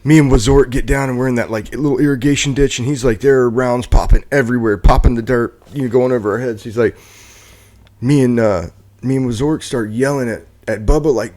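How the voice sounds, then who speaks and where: A man hosting a veterans podcast, relaxed, laughing along and retelling stories from his platoon. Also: mid-range voice, fairly quick. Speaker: podcast host. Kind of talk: casual podcast chat.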